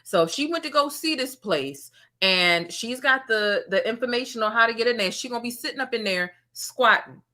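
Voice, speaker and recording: Woman commentary host, sassy and animated, bright tone. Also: fairly high pitch, moderate pace, few pauses. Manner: sassy, animated, talks straight to viewers. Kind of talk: casual gossip commentary.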